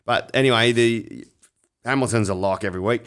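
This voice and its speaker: A man's voice: mid-range voice, a little fast, fairly bright tone, smooth. A young Australian man co-hosting a casual betting podcast, sweary and laughing often. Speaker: podcast co-host. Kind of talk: casual sports betting chat.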